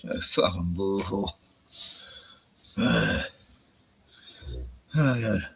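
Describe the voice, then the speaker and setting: A man's voice: deep voice, drawn-out words, gravelly, slightly rough. An older man with an Australian accent hosting a casual late-night livestream, out of breath, sighing and swearing as he rambles. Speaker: livestream host.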